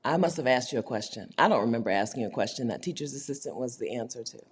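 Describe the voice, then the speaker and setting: Lively, husky-voiced woman host. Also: quick pace. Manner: animated and emphatic, laughs often, swings from loud high bursts to low murmurs. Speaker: livestream host reading viewer comments. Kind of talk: casual livestream chat. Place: indoors, home setting while living abroad.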